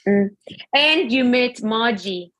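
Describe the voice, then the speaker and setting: A woman in a casual group chat who speaks in a slow, searching way and readily agrees with others. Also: a little high, animated, a bit bright.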